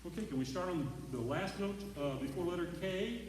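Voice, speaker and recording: Choir director in an echoey hall. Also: male voice, high-pitched, expressive, a little fast, darkish tone, distant mic, slight background noise. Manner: demonstrates lines by singing them, chatty and encouraging. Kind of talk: choir rehearsal coaching.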